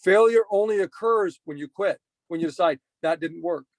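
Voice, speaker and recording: A man's voice: high voice, normal speed, dry recording. A middle-aged man giving a motivational talk, telling a personal story and repeating his main points for emphasis. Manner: earnest, repetitive emphasis. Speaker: motivational speaker.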